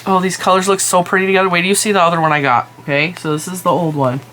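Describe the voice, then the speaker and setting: A woman with a slightly low voice chats excitedly to her viewers, gushing as she shows off her finds. It is a casual home vlog with a faint hum in the background. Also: very fast. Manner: chatty and excitable, gushing over yarn. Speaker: crochet and yarn vlogger. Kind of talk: casual show-and-tell vlog.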